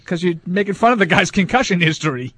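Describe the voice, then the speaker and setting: A man's voice: high voice, lively intonation, fast, a bit bright, dry recording. A man co-hosting a sports talk radio show, offering football opinions with frequent restarts.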